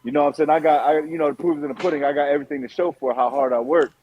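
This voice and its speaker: Fast-talking husky guy, blunt, dull lo-fi sound. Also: a little high, steady tone. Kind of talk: casual debate talk.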